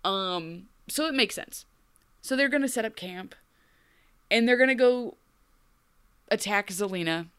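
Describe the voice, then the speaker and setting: Podcast co-host lady, smooth voice, chatty wry recap, laughs a lot. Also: mid-range voice, unhurried, long pauses. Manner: animated, wry retelling with frequent laughs. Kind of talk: casual recap chat.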